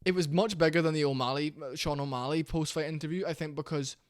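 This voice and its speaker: An excitable man talking casually to camera, blunt and quick to exclaim. His voice sits a little high for a man. The sound is dry, with no room echo. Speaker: MMA commentary YouTuber.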